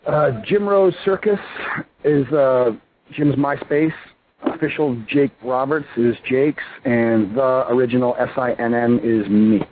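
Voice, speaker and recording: Wrestler guest in his thirties, excitable rambling talk, tinny phone line with a faint hiss. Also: medium pitch, unhurried. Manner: excitable, rambling, full of "you know" and "I mean". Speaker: pro wrestler, interview guest. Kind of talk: casual phone interview.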